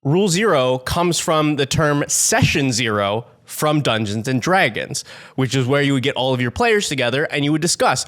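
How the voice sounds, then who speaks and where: A man co-hosting a casual comedic chat, jokey and playful and quick to laugh. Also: medium pitch, lively intonation, fairly bright tone. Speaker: podcast co-host.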